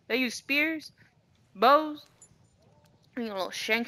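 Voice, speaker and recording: A woman casually commenting on a game she plays, chatty and animated with lots of slang. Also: a little high, unhurried, pauses often. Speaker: gaming streamer. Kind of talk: casual let's-play commentary.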